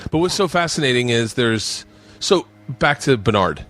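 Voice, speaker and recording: A man's voice: medium pitch, big pitch swings, normal speed, fairly bright tone. A man in his forties hosting a podcast, telling a story in casual chat and acting out quotes with raised voices. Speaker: podcast host.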